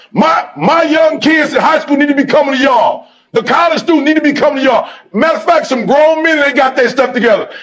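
A middle-aged man giving a motivational speech to a sports team, switching between fiery shouted exhortation and laid-back storytelling. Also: extremely high pitch. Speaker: motivational speaker.

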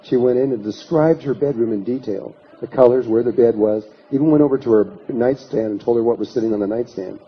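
A man's voice: mid-range voice, a little fast, hardly any pauses, breathy edge. A man lecturing to an audience, telling an anecdote and retelling what people said in his own voice. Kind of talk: storytelling lecture. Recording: slightly muffled lecture recording.

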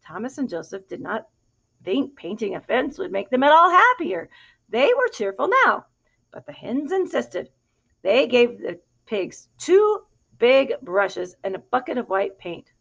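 A woman reading a picture book aloud to a child in an animated, expressive way, pausing to ask questions. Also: on the high side, gravelly. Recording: dull lo-fi recording.

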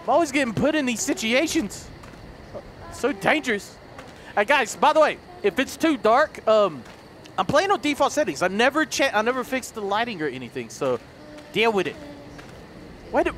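A man's voice: very high voice, sing-song, normal speed, long pauses, fairly bright tone. A man commenting on a horror game he plays, jumpy, swearing and shrieking when startled. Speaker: gaming video host. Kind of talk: let's play commentary. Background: horror game music.

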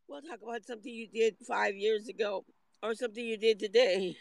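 A man's voice: very high-pitched, animated, normal speed, vocal fry, pushed and bright, no room sound, poor audio. A man rambling through a livestream monologue from a parked car in the hot sun, complaining and aggrieved, at times tearful.

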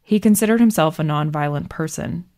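A woman calmly narrating a scripted piece of narrative journalism. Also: deep voice, fairly quick.

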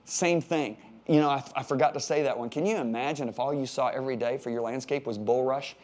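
A man in his sixties from the United States, teaching a sermon with animated emphasis, repeated words and jokey asides. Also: mid-range voice, fast talker. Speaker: pastor. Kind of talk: sermon-style Bible teaching.

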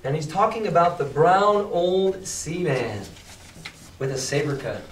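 A male teacher reads a novel aloud to his class and stops to explain it, putting the story into casual, chatty slang. His voice sits a little high. It sounds roomy and distant, as if recorded from the back of the classroom. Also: animated, unhurried, a little hiss or hum. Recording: roomy classroom, mic far off.

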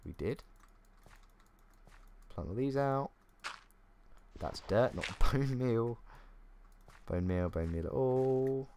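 Speaking slowly with frequent pauses, a young gaming YouTuber offers casual commentary as he plays, thinking aloud and joking at his own expense. His medium-pitched voice is animated and a little mellow, with faint keyboard clicks and a slight hiss or hum behind it.

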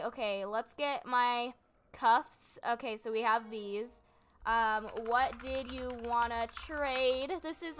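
A woman's voice: high-pitched, sharp tone, clean tone. A young woman casually commenting on her gameplay, chatty and giggly, thinking aloud as she goes. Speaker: gaming channel host.

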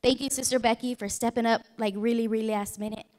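A woman's voice: fairly high pitch, steady tone, fast talker, a little mellow. A woman pastor preaching a Sunday sermon in a chatty way, asking the congregation questions and joking aside. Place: church sanctuary.

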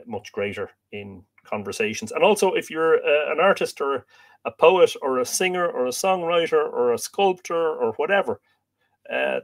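An Irish man with a gravelly, medium-pitched voice hosts a relaxed livestream. He greets viewers by name and jokes around while reading their comments aloud.

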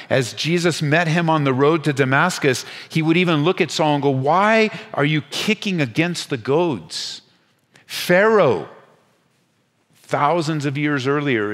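A man preaching a sermon as pastor, earnest and emphatic, rising to urgent peaks and dropping to hushed, low asides. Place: church sanctuary. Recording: church hall with long reverb.

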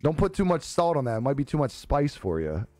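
A man's voice: on the high side, very animated, fairly quick, dark tone, no echo. A young man on a live stream chatting casually with viewers, laid-back and joking, swearing freely and laughing often. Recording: dry close-mic with faint music behind.

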